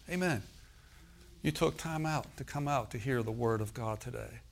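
A man preaching in a church, with a voice of middling pitch. He talks to the congregation with call-and-response asides and moves between loud emphasis and quiet, close tones. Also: a little fast, creaky. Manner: swings from loud emphasis to soft intimate tones. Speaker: pastor. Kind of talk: sermon.

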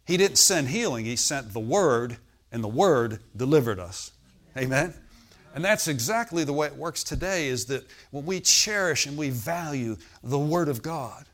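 A man preaching a sermon in an emphatic, repetitive style, often calling out to his listeners for agreement. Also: a little high. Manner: emphatic, repetitive, frequent "Amen?" calls to listeners. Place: hotel meeting room.

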